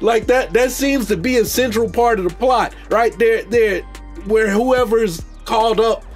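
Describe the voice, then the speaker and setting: A man's voice: high-pitched, unhurried, soft background music. A man hosting a podcast, riffing loosely about movies with jokes, slang and restarts. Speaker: podcast host. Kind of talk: casual movie commentary.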